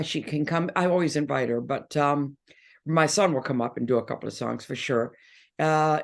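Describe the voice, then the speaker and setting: Gravelly, animated older woman telling stories. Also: low voice. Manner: lively anecdote-telling, laughs often. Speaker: interview guest, musician. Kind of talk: casual interview chat.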